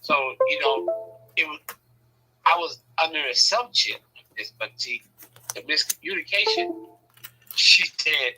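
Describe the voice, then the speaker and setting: A man from Southern California telling personal stories in a casual, animated way, swearing freely and acting out the voices he quotes. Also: on the high side, unhurried, pauses often, soft background music, poor audio. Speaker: speaker sharing personal stories. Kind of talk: casual storytelling.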